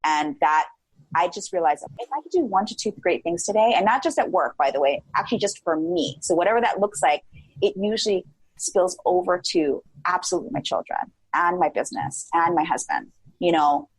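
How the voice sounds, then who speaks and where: A woman in her forties talks as a podcast guest in a relaxed, animated way, full of "like" fillers and quick re-enactments of her own thoughts. Her voice sits on the low side with a husky, breathy edge. The recording is dry, with no room sound. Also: dry recording, rough recording. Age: 40s. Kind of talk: casual interview chat.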